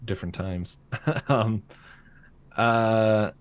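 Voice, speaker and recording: A man's voice: fairly low pitch, fairly even intonation, extremely slow, smooth. A man co-hosting a podcast, casually recapping a cartoon episode with lots of fillers and laughter. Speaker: podcast co-host. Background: passing freight train.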